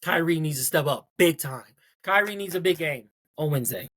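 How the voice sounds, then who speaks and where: A man's voice: on the high side, lively intonation, fairly quick, fairly bright tone. A man hosting his own podcast in a casual solo rant, blunt and profane, repeating points for emphasis. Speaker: podcast host.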